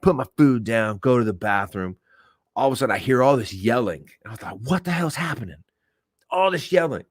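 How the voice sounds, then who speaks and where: A man from Oklahoma hosting a show, telling his own stories in a loose, profane way and jumping up in pitch when he acts out what people said. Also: fairly quick, no room sound, studio quality. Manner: animated, profane, acts out quoted voices with big pitch jumps. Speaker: podcast host. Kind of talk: casual storytelling to a live audience.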